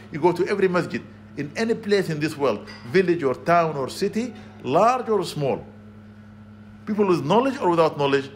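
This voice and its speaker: A man's voice: medium pitch, a little hiss or hum. A man giving a sermon as a spiritual advisor, earnest and emphatic, weaving Arabic phrases into his talk and rising to pointed exclamations. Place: community venue.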